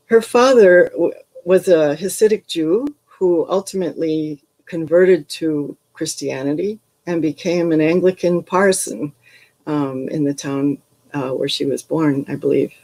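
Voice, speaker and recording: A woman's voice: deep voice, unhurried, mellow, low-quality recording. An older woman, a retired English professor, leads a poetry workshop over a video call, speaking thoughtfully with frequent ums and restarts. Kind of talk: reflective workshop talk with poetry readings.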